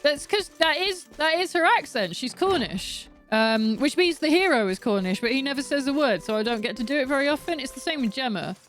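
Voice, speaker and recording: A woman's voice: high voice, expressive, a little fast, few pauses, a bit bright, faint music behind. A woman streamer chatting casually and swearing while playing a game. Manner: chatty, swearing, self-mocking. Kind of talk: casual gaming commentary.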